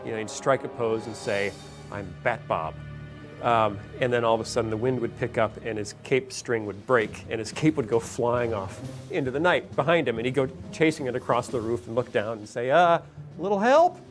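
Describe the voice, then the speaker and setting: A man interviewed about making a show, telling stories in a relaxed way with many "you know" fillers. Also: medium pitch, a little fast, hardly any pauses. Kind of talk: behind-the-scenes interview. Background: music.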